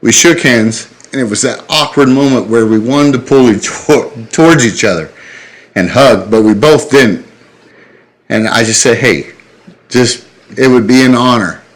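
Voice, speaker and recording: A man's voice: mid-range voice, normal speed. A man in his thirties, a podcast host, telling an emotional story in an earnest, plain-spoken way, choked up and slightly tipsy. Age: 30s.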